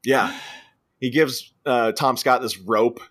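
A man's voice: medium pitch, slow pace, a bit bright. A man co-hosting a podcast, casually retelling a film's scenes and jumping into quoted voices. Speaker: podcast co-host. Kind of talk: casual movie review chat.

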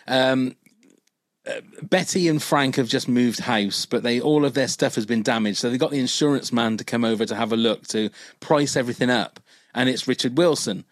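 Chatty podcast host, dry sound. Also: male voice, medium pitch, moderate pace, no echo. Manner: chatty, rambling storyteller. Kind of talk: casual chat.

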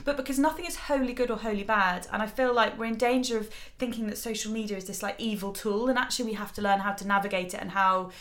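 Brief: young woman, podcast co-host, earnest and emotional, mid-pitched, casual chat. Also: fast talker, hardly any pauses, a bit bright. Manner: emotional, earnest, easily moved to tears. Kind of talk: casual chat, reading articles aloud.

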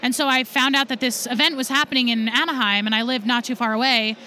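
A woman's voice: a little high, fairly even intonation, fast, pushed and bright, a little hiss or hum. A woman guest on a podcast telling her story with enthusiasm. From USA. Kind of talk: podcast interview.

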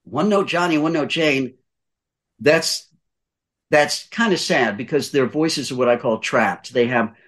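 A man's voice: medium pitch, measured pace, fairly bright tone. An older man giving voice-over advice in a podcast conversation, emphatic, repeating his points and asking rhetorical questions. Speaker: guest voice-over coach.

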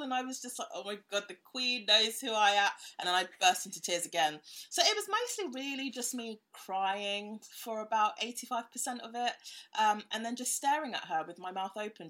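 A woman's voice: mid-range voice, a bit bright. Chatty young woman. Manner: chatty with many fillers and laughs. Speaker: guest. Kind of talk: casual storytelling.

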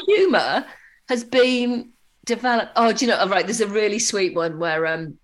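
A woman guest in a casual interview, chatting and telling anecdotes in a lively way. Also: medium pitch, normal speed. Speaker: podcast guest.

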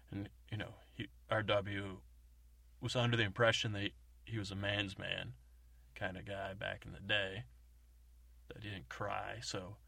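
A man's voice: fairly low pitch, gravelly, sharp tone, dry recording. A man hosting a comedy podcast, telling an improvised story in a rambling way. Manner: rambling, many fillers and restarts. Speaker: podcast host.

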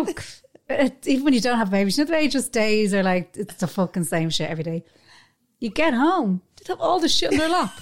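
A woman in her thirties with an Irish accent, co-hosting a casual chat podcast, chatty and swearing freely. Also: high-pitched. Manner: chatty, swears freely, acts out quoted asides. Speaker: podcast co-host.

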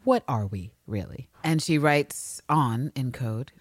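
Deep-voiced, lively woman podcaster. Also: slow pace, few pauses, husky, dry recording, studio quality. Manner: animated, laughs often, acts out people being paraphrased. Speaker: podcast co-host. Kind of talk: casual chat, reading diary excerpts aloud.

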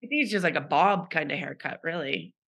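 A middle-aged woman co-hosting a podcast, telling a casual story in an animated way and acting out the people she quotes, heard over a video call. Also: low voice, fairly quick, vocal fry, slightly rough. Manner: animated retelling with quoted voices. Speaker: podcast co-host.

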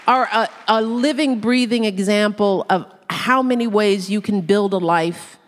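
Woman, podcast host, earnest and reflective, mid pitch, slight hall reverb. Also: a little slow, a little hiss or hum. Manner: earnest, reflective, quotes others in lively put-on tones. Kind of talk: heartfelt casual conversation.

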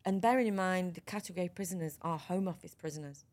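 A middle-aged woman tells her own story as a podcast guest, frank and animated, with a voice that sits a touch low. She keeps restarting her sentences as she goes. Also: quick pace. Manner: lively, frank, runs sentences together with restarts. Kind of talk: conversational storytelling interview.

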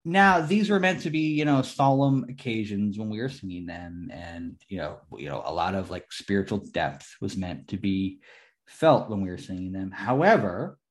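Excitable, swearing young man. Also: lowish voice, normal speed. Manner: swears freely, excitable, laughs often. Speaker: podcast co-host. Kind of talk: casual chat.

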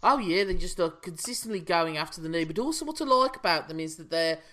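A man's voice: fairly high pitch, lively intonation, fast, bright, forceful tone. A man, co-hosting a podcast in a chatty, jokey way. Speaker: podcast co-host. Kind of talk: casual chat.

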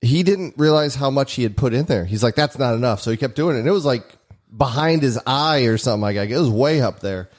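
A man's voice: medium pitch, expressive, fast talker, a little mellow. A man co-hosting a podcast, joking and teasing in casual chat. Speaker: podcast co-host.

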